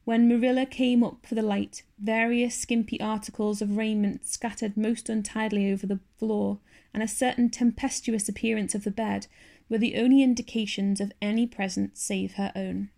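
Gravelly-voiced woman reading a classic novel. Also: medium pitch, steady tone, moderate pace, warm tone. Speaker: audiobook narrator. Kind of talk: scripted narration of a classic novel.

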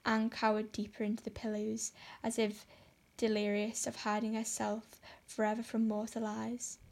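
A woman reading a classic novel aloud as narrator, in a measured way. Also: on the high side, completely flat delivery, vocal fry, a little mellow. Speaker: audiobook narrator. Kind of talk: storybook narration.

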